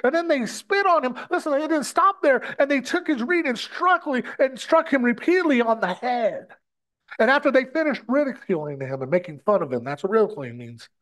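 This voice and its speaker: A man's voice: very high-pitched, expressive, brisk, a bit bright. A man from the United States preaching a sermon in an impassioned way, often stumbling and repeating his words as he addresses his brothers and sisters.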